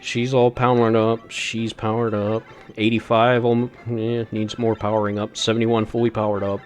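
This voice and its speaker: A man's voice: on the low side, level tone, moderate pace, faint music behind. A man streaming a retro video game live, chatting casually while he plays, in a rambling, self-deprecating way. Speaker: gaming streamer.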